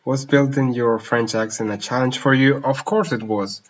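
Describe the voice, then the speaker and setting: Steady and medium in pitch, this man talks at a normal speed while running a relaxed live question-and-answer stream as a language teacher. He reads viewers' questions out loud, hopping from one language to another mid-sentence, over slightly muffled lo-fi audio.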